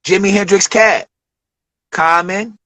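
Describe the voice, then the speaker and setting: Guest: man from Detroit, slightly higher voice, dry close sound, lively slangy raconteur. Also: takes it slowly, dry recording, low-quality recording. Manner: animated storyteller, acts out quoted voices, profane slang. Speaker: interview guest, rapper. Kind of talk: casual storytelling interview. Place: studio.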